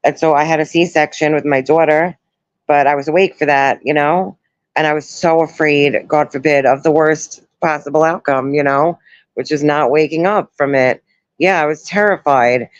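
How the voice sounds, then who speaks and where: A woman in her thirties chatting on a live stream from home, sore after surgery, soft and emotional as she thanks her viewers. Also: low-pitched, clean tone, no echo. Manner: soft, emotional, greets chat viewers warmly. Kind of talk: casual live stream chat. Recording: dull lo-fi stream audio.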